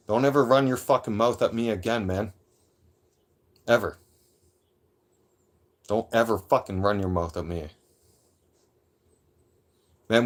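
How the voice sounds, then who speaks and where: Aggressive, profane streamer. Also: male voice, fairly low pitch. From Toronto, Canada. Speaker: live streamer. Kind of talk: live-stream rant.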